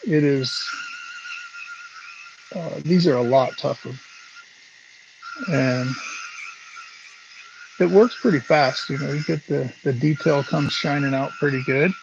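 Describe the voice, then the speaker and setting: A man hosting a casual live stream from his home workshop, talking slowly with many fillers while he works. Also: fairly high pitch, fairly even intonation, gravelly, dull audio. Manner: slow, halting, lots of fillers. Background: buffing wheel hum.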